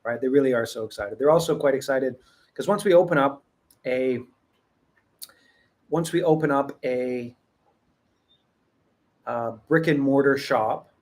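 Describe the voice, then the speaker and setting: A man's voice: medium pitch, a little slow, pauses often, darkish tone. A man hosting his own tea channel, talking casually to his viewers and often restarting his sentences. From Western. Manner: rambling, many restarts, chuckles. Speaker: tea seller and channel host. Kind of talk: casual talk to camera.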